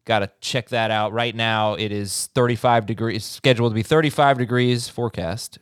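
Male host, mid-pitched, dry studio sound, direct and joking. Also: normal speed, few pauses, clean tone, no echo. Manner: leads the talk, joking and direct. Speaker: podcast host. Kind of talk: casual podcast talk.

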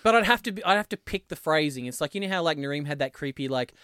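A man's voice: a little high, expressive, fast, pushed and bright, smooth, no echo, clean studio sound. A man co-hosting a podcast in casual chat, rambling and hesitant, full of "like" and "um". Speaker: podcast co-host.

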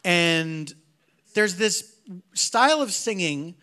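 A man's voice: sits high, expressive, takes it slowly, pushed and bright, clean tone. A middle-aged man, a guest on an interview show, telling playful stories and laughing often. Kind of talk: casual interview chat.

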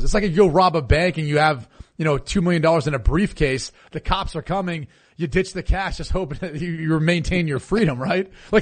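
A man's voice: a little high, fairly quick, no echo. A man co-hosting a sports podcast, a former football player, chatting casually in a joking, easygoing way.

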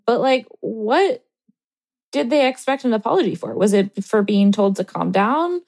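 A woman joins an advice chat as a guest, weighing things calmly and thoughtfully. Her voice sits a little high and carries a lot of gravelly fry. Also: normal speed. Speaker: podcast guest, math tutor.

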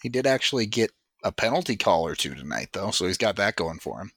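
Low-voiced man hosting a sports podcast. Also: very animated, quick pace, fairly bright tone, slightly rough, dry recording. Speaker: podcast host. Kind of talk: casual sports analysis chat.

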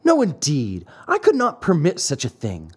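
A man's voice: a little high, huge pitch swings, normal speed, breathy edge, exaggerated voice. A man voicing a wooden marionette boy in a storybook reading, earnest and wavering, with a pleading boyish tone.

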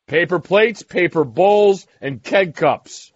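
A man's voice: high voice, very animated, dull audio. A man co-hosting a casual podcast chat, teasing and rattling off tips. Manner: teasing, gives rapid tips. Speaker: podcast co-host.

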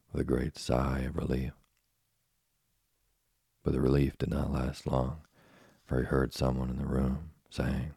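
A man reads a classic story to help listeners fall asleep. His voice is extremely deep and gravelly, with a dark, husky tone and a slow, soothing, even delivery. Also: no echo, studio quality. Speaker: narrator. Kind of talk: sleep story reading.

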